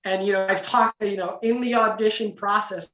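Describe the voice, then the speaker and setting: A young man telling a story as a podcast guest, excited and rambling, full of fillers. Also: high-pitched, moderate pace. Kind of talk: casual storytelling. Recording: roomy, distant, dull lo-fi podcast audio.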